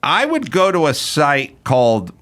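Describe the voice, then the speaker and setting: A man hosting a casual podcast, riffing and musing aloud in an animated way. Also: fairly high pitch, unhurried. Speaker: podcast host.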